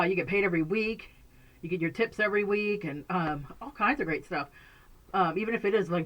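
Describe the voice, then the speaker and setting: A woman's voice: on the low side, fairly bright tone. A woman chatting casually to camera from a bedroom at home, rambling and laughing often. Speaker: vlogger.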